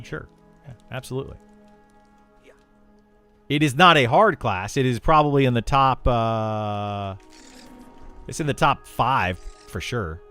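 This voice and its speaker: Laid-back rambling male streamer. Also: medium pitch. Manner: rambling, relaxed, many fillers and restarts. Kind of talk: casual livestream chat with viewers.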